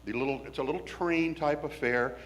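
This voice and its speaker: A man from Washington State, telling a personal story in an animated, folksy, wry way. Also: a little high, fairly quick, slight background noise.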